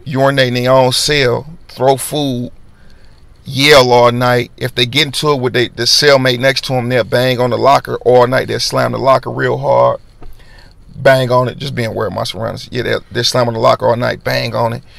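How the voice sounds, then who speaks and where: Gravelly man telling a story. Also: medium pitch, moderate pace, dry recording. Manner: animated, slangy, acts out voices in his story. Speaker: podcast host telling a personal story. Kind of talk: casual storytelling monologue.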